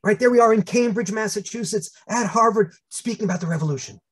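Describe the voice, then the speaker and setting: A man in his sixties with a New York accent, telling funny personal stories in a lively talk. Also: high-pitched, fast talker, slightly rough. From United States. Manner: animated, humorous storytelling with voiced asides. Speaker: speaker. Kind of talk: storytelling talk.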